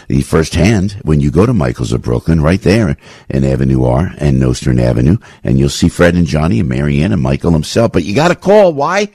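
A man in his sixties with a New Jersey accent, hosting a radio talk show with an animated, jokey pitchman's manner. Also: husky, dry recording, clean studio sound. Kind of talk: casual radio chat and live ad read. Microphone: studio broadcast mic.

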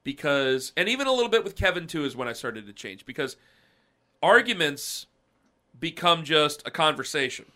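A man in his thirties with a booming voice, chatting casually on a podcast and rambling through self-deprecating stories with many restarts. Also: very animated, moderate pace, sharp tone. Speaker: podcast co-host. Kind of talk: casual chat.

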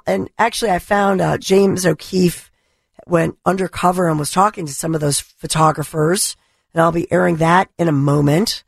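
A middle-aged woman hosting a talk radio show, her voice hoarse from allergies, delivering an impassioned, indignant monologue. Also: on the low side, no room sound, clean studio sound. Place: radio studio. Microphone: studio microphone.

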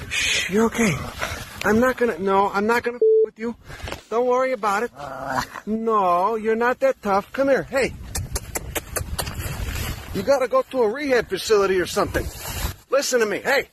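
A man with a Chicago accent talking soothingly to a wild coyote, hushing and coaxing it in a rambling way. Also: sits high, moderate pace, long pauses, slight background noise. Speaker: man in a viral video calming a coyote. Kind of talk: soothing talk to a wild animal.

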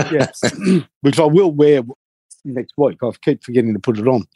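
Lively, husky man telling a story. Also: mid-range voice, moderate pace, no room sound. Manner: animated anecdote-telling. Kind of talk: casual chat, storytelling.

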